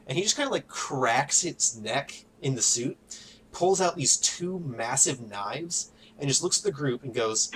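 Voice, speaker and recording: A man's voice: mid-range voice, animated, a little slow, a bit bright, slight background noise, low-quality recording. A man narrating as game master in a casual, filler-heavy way.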